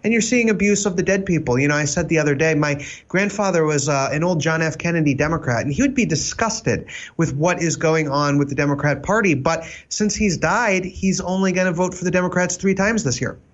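A man speaking as a guest commentator on a political talk show, halting with lots of fillers and a wry edge. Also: on the high side, muffled recording.

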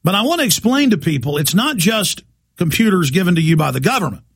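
A man delivers a heated talk radio monologue in a fairly high voice with a heavy gravelly fry. He talks emphatically, with urgent warnings and frequent restarts. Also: sing-song, fast. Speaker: radio talk show host.

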